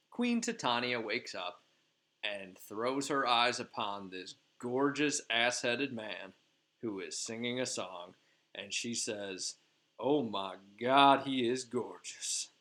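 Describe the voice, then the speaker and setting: A man's voice: medium pitch, pushed and bright. A male teacher retelling a play for his class in a chatty, informal way with lots of fillers.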